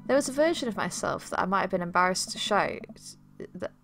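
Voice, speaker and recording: A woman reading the lines of a formal, earnest gentleman in a game's dialogue. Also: mid-range voice, lively intonation, fast talker, faint music behind. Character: adult man, quirky formal gentleman, earnest. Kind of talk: game dialogue read aloud.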